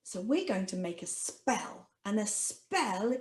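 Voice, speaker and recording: A woman's voice: mid-range voice, very animated, normal speed, few pauses, darkish tone, echoey room. A woman teaching an online French lesson to children in a cheerful, sing-song manner. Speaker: language teacher.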